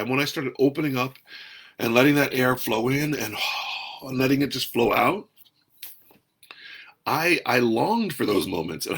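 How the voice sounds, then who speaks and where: A man with a gravelly, slightly husky voice leads a slow, unhurried breathing talk. He speaks softly and calmly from somewhere outdoors, at an ordinary middle pitch. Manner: calm, soft-spoken, unhurried. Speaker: host.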